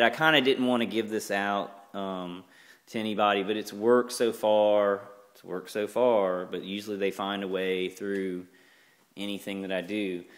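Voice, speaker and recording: Rambling low-voiced man. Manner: rambling, repetitive, full of fillers and restarts. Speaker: vlogger. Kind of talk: rambling casual monologue.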